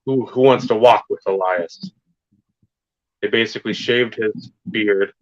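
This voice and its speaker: A man's voice: fairly low pitch, a little slow, dry recording. A man co-hosting a podcast, talking casually and rambling about wrestling, swearing often and stressing his points. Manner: profane, rambling, emphatic wrestling fan talk. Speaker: podcast co-host. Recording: dull lo-fi sound.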